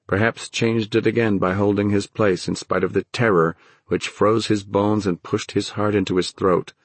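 A man narrating a fantasy audiobook in a measured, dramatic storytelling manner. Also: on the low side, no echo.

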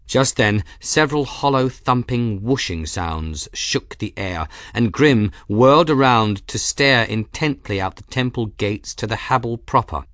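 A man narrating an audiobook chapter in a steady, even storytelling manner. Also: mid-range voice, measured pace, few pauses, dry recording, clean studio sound. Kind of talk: scripted narration.

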